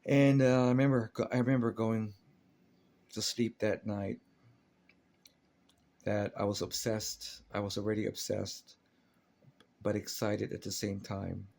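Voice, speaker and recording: A man's voice: fairly low pitch, little pitch movement, measured pace, gravelly, pauses often, a little mellow. A man telling a personal story in a casual, rambling, earnest way, often restarting his sentences.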